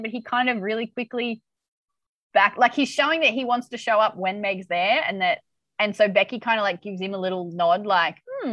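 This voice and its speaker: A woman's voice: mid-range voice, no room sound, dull audio. A woman hosting a podcast, recapping a TV episode in casual chat and acting out the characters' lines. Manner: chatty, animated retelling with voiced quotes. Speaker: podcast host.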